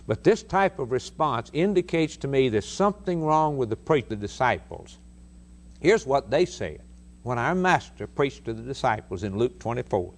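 A man's voice: medium pitch, big pitch swings, moderate pace. A man preaching a sermon, emphatic and stressing points by repeating phrases.

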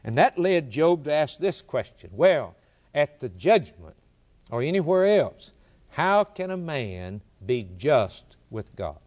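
A man's voice: sing-song, slow, darkish tone. Emphatic male preacher quoting scripture. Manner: emphatic, rising high on scripture quotes, repeating key phrases. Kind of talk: sermon.

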